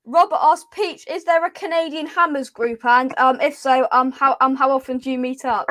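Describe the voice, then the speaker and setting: A woman's voice: high-pitched, steady tone, moderate pace, a bit bright. A woman hosting a live stream, giggling as she reads out chat comments. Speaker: host.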